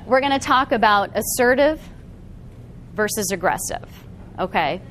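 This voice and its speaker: A woman giving a live seminar talk to an audience in a meeting room, animated and often checking in with the room. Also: mid-range voice, measured pace, a little hiss or hum. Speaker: workshop presenter.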